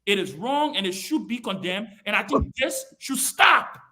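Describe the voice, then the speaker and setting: A man's voice: sits high, sing-song, moderate pace, sharp tone. A man chairing a political talk show over a video call, emphatic and scolding, repeating himself for stress.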